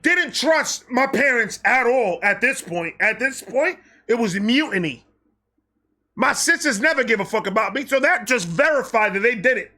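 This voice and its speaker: A man with a high, bright voice and a New York accent tells a wild story at normal speed, full of big animated energy. He swears freely, acts out the different voices, and keeps slipping into low, muttered asides as the storyteller host.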